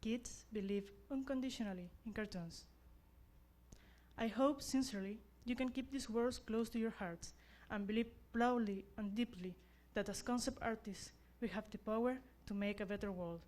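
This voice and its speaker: A woman's voice: medium pitch, moderate pace, a little mellow. A young woman who is not a native English speaker, giving an earnest, self-deprecating graduation speech as class representative.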